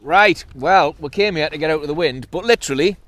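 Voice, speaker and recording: A man's voice: on the high side, fairly quick, fairly bright tone, no echo. A middle-aged man with a Geordie accent, cheerfully narrating his own sea fishing from a kayak in casual commentary. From North East England. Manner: cheerful, chatty, breaks into laughs and exclamations. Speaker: kayak angler and channel host.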